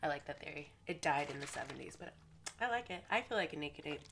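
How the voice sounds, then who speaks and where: A woman talks casually to her viewers in a slightly nasal, stuffed-up voice that sits a little low. She rambles from one tangent to the next in a loose, chatty way. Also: lively intonation, fast talker, creaky, a bit bright, a little hiss or hum. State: congested with a cold. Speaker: vlogger. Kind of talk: casual chat to camera.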